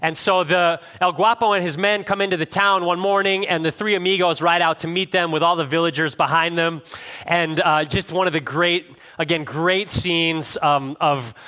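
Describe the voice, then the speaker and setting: A male pastor preaching to a congregation with a bright, forceful voice pitched a little high. He tells stories animatedly, dropping low and quiet, then rising up again. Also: moderate pace. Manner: animated storytelling with wide swings in pitch and loudness. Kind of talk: sermon. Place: church room with a live congregation.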